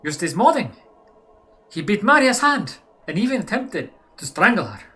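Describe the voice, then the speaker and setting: A weary German head doctor reads out his letter in a stiff, theatrical mock German accent that keeps sliding toward French, as a man puts him on. The voice sits a little higher than the performer's own and sounds bright and forceful. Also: sing-song, moderate pace, heavily acted. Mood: mock-formal. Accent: mock German, drifting toward French.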